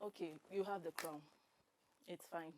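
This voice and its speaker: A woman's voice: lowish voice, steady tone, measured pace. A woman co-hosting a casual chat show, bantering with lots of giggles. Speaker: co-host.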